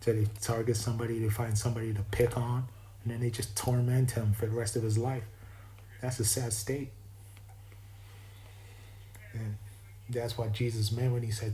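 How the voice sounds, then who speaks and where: A man with a self-described imperfect East Coast American accent delivers a meandering spiritual monologue, often restarting his sentences as he reflects. His mid-range voice is dark in tone with little pitch movement, and he speaks at a normal speed while pausing often. The recording is poor, with slight background noise.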